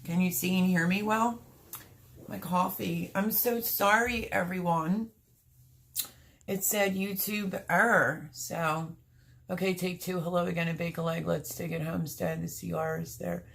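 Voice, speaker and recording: A woman hosting a casual livestream, talking straight to her viewers with a gravelly, somewhat low voice. She sounds apologetic and flustered, her voice rough and a bit choked up. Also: steady tone, unhurried, a bit bright. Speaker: homestead channel host.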